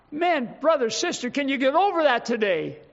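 High gravelly older man preaching. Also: sing-song, a bit bright. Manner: fervent, drawn-out emphatic phrases. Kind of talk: sermon. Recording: dull lo-fi sermon recording.

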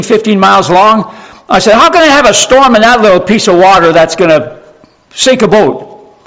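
A man preaching a sermon, emphatic, repeating key phrases slowly and dropping to hushed tones. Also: high-pitched, poor audio.

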